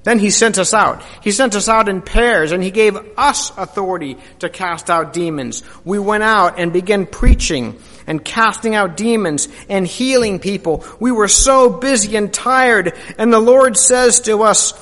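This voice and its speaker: A high-pitched male preacher delivers a first-person dramatic monologue in a reverberant hall. He speaks slowly and animatedly, storytelling in a range from hushed tones to shouting.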